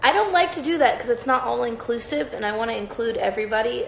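Gravelly-voiced woman chatting on a livestream. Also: fairly high pitch, fairly quick, a little hiss or hum. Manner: rambling, profane, chatty. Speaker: livestream host. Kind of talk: casual livestream chat. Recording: roomy echoey sound.

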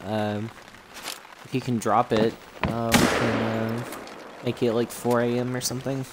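A man hosting a casual gaming stream, relaxed and chatty with plenty of fillers. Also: medium pitch, unhurried, very noisy. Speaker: stream host.

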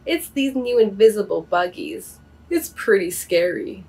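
A woman's voice: medium pitch, lively intonation, unhurried, warm tone, slightly rough. A woman voicing a young boy baboon who is sensitive and easily worried, in an earnest, childlike way in a children's storybook reading.

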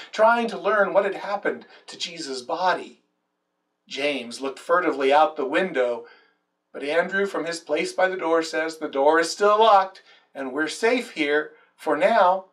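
A man's voice: fairly high pitch, far from the mic. A male pastor preaching a sermon and telling the story dramatically, with quoted lines.

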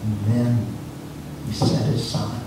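Preacher's voice echoing from afar. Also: male voice, fairly low pitch, little pitch movement, slow, background noise. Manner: emphatic, repeats words when speeding up. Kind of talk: sermon. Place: church sanctuary. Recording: echoey church from far off.

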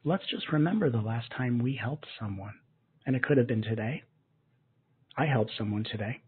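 A man leading a guided gratitude meditation as a spiritual teacher, speaking softly and slowly in a soothing way. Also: medium pitch, lively intonation, slightly rough. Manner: soft, slow and soothing, with gentle repetitions. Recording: muffled lo-fi narrow-band audio.

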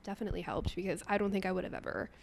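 A young adult woman chats as a guest on a podcast, with a gravelly, fry-tinged voice at an ordinary middle pitch. She tells stories casually and laughs often. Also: very fast, a little hiss or hum. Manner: chatty, laughs often, acts out her grandma's voice. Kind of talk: casual interview chat.

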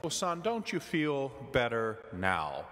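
A man's voice: mid-range voice, wildly swooping pitch, takes it slowly, a bit bright, full character voice. A man voicing a kindly, reassuring male farmer in a told joke. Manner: reassuring, folksy. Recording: church with long reverb.

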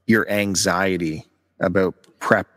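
Guy, low voice, easygoing podcast co-host, chatty and teasing. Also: fairly even intonation, slow, a bit bright. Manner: chatty, teasing, plugs events. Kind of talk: casual chat.

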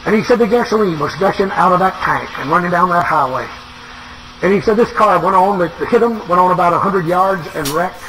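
Man, evangelist preacher, sermon storytelling, high voice, bright tone, faint hiss in background. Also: rough recording.

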